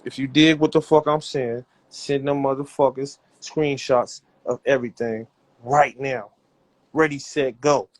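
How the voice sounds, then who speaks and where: A man who runs a rap label, talking loud and profane in repetitive hype bursts while he pushes a cash giveaway on a livestream. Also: mid-range voice, fairly even intonation, unhurried. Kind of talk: hyped social media livestream.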